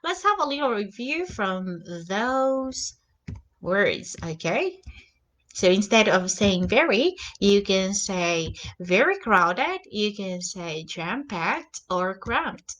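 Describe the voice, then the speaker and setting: A woman's voice: medium pitch, big pitch swings, slow pace, fairly bright tone. A young woman teaching English vocabulary in a casual lesson, repeating each new word and example sentence aloud.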